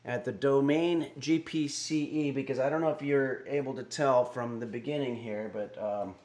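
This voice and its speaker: A middle-aged man hosting a cooking livestream, talking in a deadpan, halting way with frequent fillers. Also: mid-range voice. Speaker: cooking stream host. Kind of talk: casual livestream chat.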